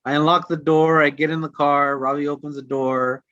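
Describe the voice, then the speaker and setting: A fairly high-voiced man tells a profane, animated story as a podcast co-host. He swears constantly and acts out every quote. The sound is dry and dull, like a cheap mic. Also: normal speed, no echo.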